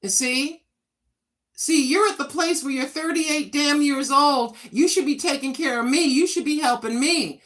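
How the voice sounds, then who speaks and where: A woman's voice: high-pitched, measured pace, a bit bright. A woman in her sixties hosting a casual livestream, venting bluntly and with frustration, swearing freely as she talks. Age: 60s. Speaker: livestream host.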